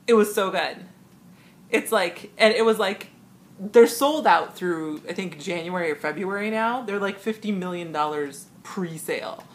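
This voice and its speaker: A young woman recording a vlog on a tablet at home, gushing excitedly and laughing often, with squealing high impressions mixed in. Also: a little slow, a little hiss or hum. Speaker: vlogger. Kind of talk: excited casual vlog recap. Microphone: tablet camera.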